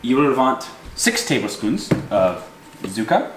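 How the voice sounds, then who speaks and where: A man's voice: mid-range voice, big pitch swings, takes it slowly, background noise. A man hosting a comic cooking tutorial in an exaggerated put-on German accent, hamming it up and tossing in German words. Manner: hammy, drops in German words. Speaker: cooking show host. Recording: echoey kitchen with loud clattering cookware.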